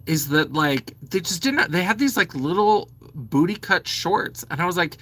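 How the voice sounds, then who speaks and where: A man in his forties rants to camera from home, blunt and fed up, with curses dropped in freely. His voice is lively, climbing and falling through each complaint. The tone is bright and tense. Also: on the high side, normal speed, few pauses. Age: 40s. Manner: animated, blunt, sweary, exasperated. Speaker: vlogger. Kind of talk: ranting to camera.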